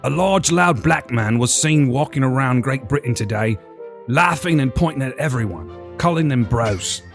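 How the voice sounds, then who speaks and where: A man playing a deadpan news announcer. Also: medium pitch, normal speed, gravelly, soft background music. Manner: mock deadpan newsreader delivery. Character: stiff formal male news announcer.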